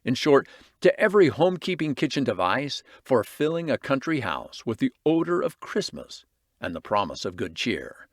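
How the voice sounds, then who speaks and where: Man narrating with a lively voice. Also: medium pitch, normal speed, no room sound, studio quality. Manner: expressive, varied reading. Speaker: audiobook reader. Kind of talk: storybook narration.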